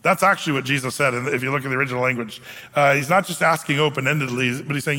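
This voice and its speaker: A man's voice: on the high side, fast talker, pushed and bright, long reverb tail. A male pastor preaching a sermon, explaining scripture in a casual, conversational way with everyday asides.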